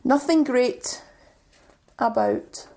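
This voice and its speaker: A woman's voice: sits high, very slow, warm tone. A woman co-hosting a casual podcast, chatting and reading lists from her notes with frequent ums. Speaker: podcast co-host.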